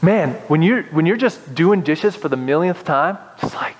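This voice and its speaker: A young man preaching a sermon as pastor, animated and building to impassioned exhortation. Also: a little high, moderate pace, long reverb tail, low-quality recording.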